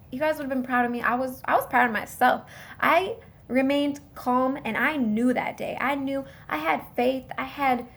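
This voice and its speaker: Animated high-voiced young woman telling a story. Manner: animated, indignant retelling with quoted dialogue. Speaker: vlogger. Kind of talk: storytime vlog. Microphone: phone.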